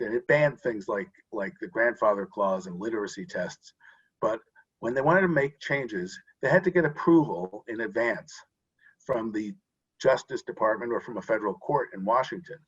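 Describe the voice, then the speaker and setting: A man's voice: mid-range voice, normal speed, husky, highs cut off. A man speaking as a guest expert in an interview, explaining earnestly with frequent restarts over a video call. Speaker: guest expert on voting rights. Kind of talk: interview answer.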